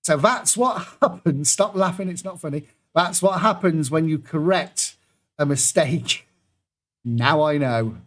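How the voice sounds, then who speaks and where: A man's voice: fairly high pitch, a little slow, fairly bright tone. A man hosting an online pub quiz from his computer, reading out clues and laughing at his own slip-ups. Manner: self-deprecating, chatty, fumbles and laughs at own mistakes. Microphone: computer microphone.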